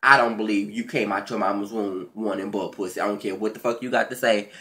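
Sassy, profane man ranting in a recap. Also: fast. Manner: sassy, profane, animated, with swooping pitch. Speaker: vlogger recapping a reality show. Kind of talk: casual recap rant.

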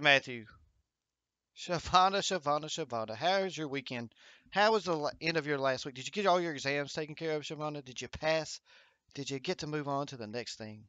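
A man's voice: on the high side, bright, forceful tone, no room sound, dull audio. A man hosting a gaming livestream at home, chatting upbeat and encouraging while reading viewer comments aloud. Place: home streaming setup with green screen.

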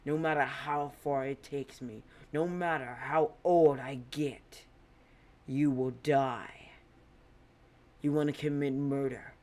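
A man voicing a brooding, smug teenage vigilante in a bat suit, speaking loud, slow and menacing. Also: medium pitch. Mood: threatening.

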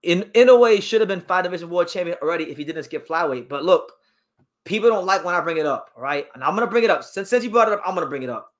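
This boxing talk host reads viewer questions off the live chat and gives emphatic, opinionated takes. His voice is high and quick with lively intonation, and he echoes his own words when excited.

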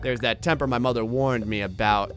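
A man's voice: medium pitch, fairly even intonation, fairly quick, fairly bright tone, soft background music, pitched below the performer's own voice, lightly acted. A man voicing a bossy, menacing little girl playing house in a video game, with a cold, scolding delivery.

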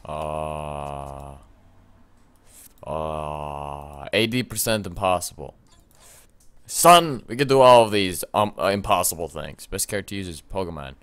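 A young man commenting on his gameplay, excitable and often shouting at the game with mild swearing. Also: deep voice, slow, clean tone. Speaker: let's play gamer.

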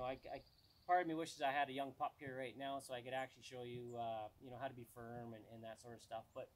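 A man on a pro staff giving a casual dog-training lesson outdoors, plain-spoken and often checking in with "okay?". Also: mid-range voice. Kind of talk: casual outdoor instructional talk. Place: outdoors on a rural property.

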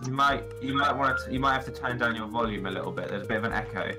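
A man's voice: medium pitch, very fast, music in the background, low-quality recording. A young man casually chatting while streaming a game, rambling and joking and often repeating himself. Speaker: streamer judging builds. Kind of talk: casual gaming stream chat.

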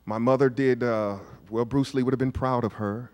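A man, a pastor preaching a storytelling sermon, moving from hushed asides to shouted peaks. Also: mid-range voice, steady tone, moderate pace. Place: church sanctuary. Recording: long hall reverb of a church.

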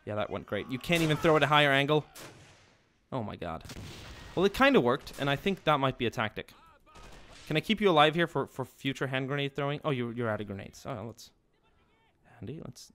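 A young man giving live commentary on a strategy war game, yelling and swearing at his troops one moment and muttering quietly the next. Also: medium pitch, fairly quick. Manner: excitable, swears and yells at his units, drops to quiet mutters. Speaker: gameplay commentator.

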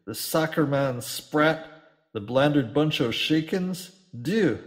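A man's voice: mid-range voice, moderate pace, darkish tone, close to an everyday voice. A man voicing a brawling, volatile older pirate captain who bellows and swears French oaths. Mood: furious.

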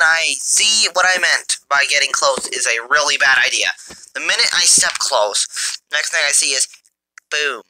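A man giving mobile gameplay commentary through a phone's built-in mic, excitable and jokey, taunting his enemies. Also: fairly high pitch, normal speed, no echo. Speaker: gamer.

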